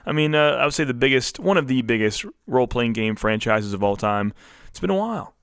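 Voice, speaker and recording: A male podcast co-host runs through gaming news in casual chat, laughing often. His mid-range voice is clear, resonant, and fairly bright, with lively intonation and a slightly fast pace, recorded in a clean studio with no room sound.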